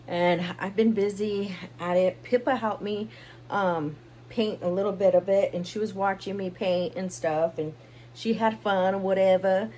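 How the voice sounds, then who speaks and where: A woman's voice: medium pitch, steady tone, measured pace, warm tone, a little hiss or hum. A young woman vlogging at home in a casual, rambling way, full of fillers and sounding tired. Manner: rambling, chatty, with many fillers. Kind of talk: casual vlog chat.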